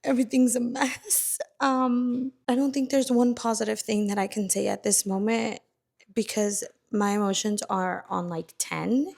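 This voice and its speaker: A woman's voice: medium pitch, steady tone, measured pace, vocal fry. A young woman chatting casually in a book vlog, reacting dramatically and repeating herself. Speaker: book vlogger. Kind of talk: casual reading vlog chat. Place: outdoors at a park; at home while cleaning.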